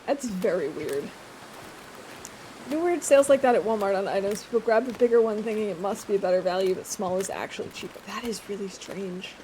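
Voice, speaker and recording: A woman's voice: mid-range voice, a little fast, background noise. A young woman streaming a survival game from home, chatting casually with viewers and laughing often. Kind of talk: casual gameplay commentary.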